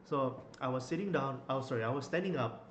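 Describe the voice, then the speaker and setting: A man's voice: mid-range voice, fairly quick. A young man, telling a story in a rambling casual way with many fillers and restarts. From Malaysia. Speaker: vlogger. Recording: echoey room, faint noise.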